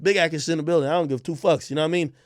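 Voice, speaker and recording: A young man from Jamaica rants hard on a livestream, brash, profane and full of bravado. His voice sits high for a man, and the sound is close and dry with no room behind it. He swings from near shouting down to low, fast muttering. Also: fairly even intonation, no echo. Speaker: livestream host. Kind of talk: heated ranting livestream.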